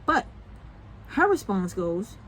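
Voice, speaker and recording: A man's voice: high voice, big pitch swings, takes it slowly, fairly bright tone, a little hiss or hum, poor audio. A young man vlogging, venting about a breakup in a heated, sarcastic, profane way. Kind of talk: venting story-time vlog.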